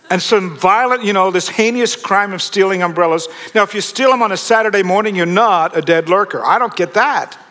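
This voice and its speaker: A man's voice: a little high, fairly bright tone. Man preaching, joking, in a reverberant hall. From Australia. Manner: humorous storytelling, asks the audience questions. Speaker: pastor. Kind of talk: sermon.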